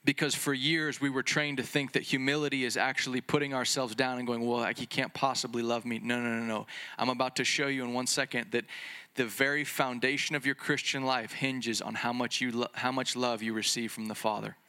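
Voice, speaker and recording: A man preaching a sermon in an excitable, conversational way, full of fillers and restarts, sometimes acting out little dialogues. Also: medium pitch, brisk, smooth. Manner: acts out little dialogues between Jesus and the Father.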